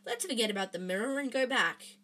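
Blunt, grumbly storybook boy, breathy ; voiced by a woman narrator. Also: a little high, animated, a little fast, fairly bright tone. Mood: grumbling. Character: young boy, the hero's blunt friend.

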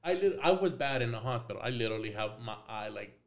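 A man's voice: mid-range voice, animated, quick pace, vocal fry. A man who works as a tattoo artist, telling stories as a podcast guest in a casual, profane, slangy way, dropping in Spanish phrases and acting out both sides of old conversations.

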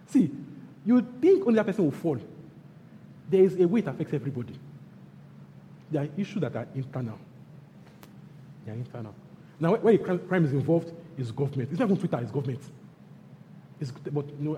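A man with a Nigerian accent preaching a sermon as pastor, repeating his phrases and swinging between loud bursts and hushed lines. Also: fairly high pitch, a little hiss or hum. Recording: long hall reverb, faint background ambience.

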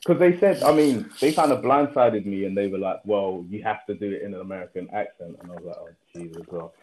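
A man's voice: on the low side, fast talker, a little mellow, low-quality recording. An English man co-hosting a podcast, easygoing and chatting casually. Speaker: podcast co-host. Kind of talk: casual chat.

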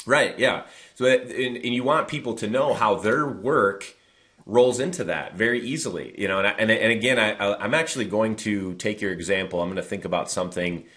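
A man's voice: lowish voice, a little fast, a bit bright. A man hosting a podcast interview, agreeing often and reflecting on his guest's examples. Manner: affirming, fills in with short agreements. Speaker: podcast host. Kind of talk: casual interview chat.

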